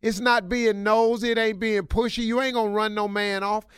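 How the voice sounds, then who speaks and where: A man's voice: high voice, flat delivery, normal speed, fairly bright tone, smooth, dry recording, studio quality. Emphatic, preachy male advice host. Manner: preachy, emphatic, colloquial, repeats himself for punch. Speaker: radio show host giving relationship advice. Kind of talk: animated advice talk.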